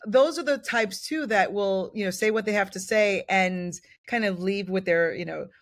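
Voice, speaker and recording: A woman co-hosting a podcast, chatting casually with emphatic, affirming energy. Her voice sits at an average pitch and is recorded close and dry, with no room sound. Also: moderate pace, dry recording. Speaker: podcast co-host. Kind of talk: casual chat.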